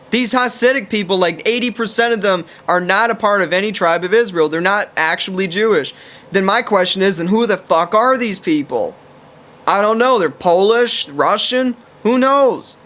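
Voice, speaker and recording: A man's voice: high-pitched, a bit bright. A man talking to camera in a casual ranting monologue, rambling and profane, with lots of fillers. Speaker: vlogger.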